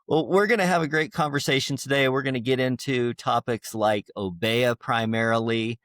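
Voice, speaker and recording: A man's voice: mid-range voice, steady tone, normal speed, fairly bright tone, no echo. A man hosting a podcast, reading a scripted intro and then chatting in a friendly, easygoing way. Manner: friendly, easygoing, some filler words. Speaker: podcast host.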